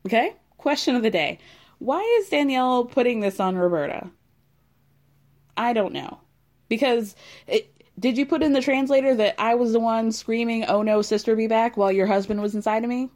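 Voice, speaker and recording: A woman's voice: fairly high pitch, normal speed. Sassy woman recapping reality TV. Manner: animated and sassy, with frequent laughter and exclamations. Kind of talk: casual recap commentary.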